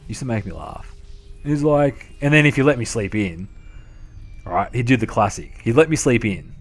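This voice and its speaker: A man's voice: medium pitch, expressive, moderate pace. An Australian man in his thirties, a game streamer telling casual stories, swearing freely and laughing as he talks. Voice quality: profane, laughing, matey. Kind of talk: casual storytelling chat.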